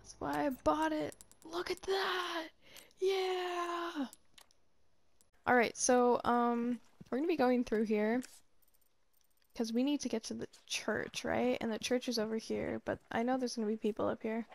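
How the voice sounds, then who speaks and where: A woman's voice: on the high side, fairly even intonation, moderate pace, gravelly. A woman streamer giving casual gameplay commentary, chatty, profane and teasing, laughing often.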